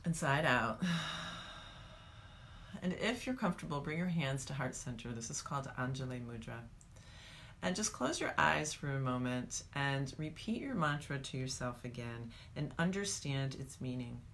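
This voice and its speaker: A woman teaching a guided meditation, calm and coaching, speaking straight to the viewer. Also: a bass voice, moderate pace, a little hiss or hum.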